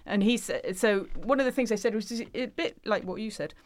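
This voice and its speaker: Woman podcast host, mid-range voice, casual, quick to laugh, dry close sound. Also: mid-range voice, no echo. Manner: chatty, laughs often, quotes articles aloud. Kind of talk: casual newspaper review chat.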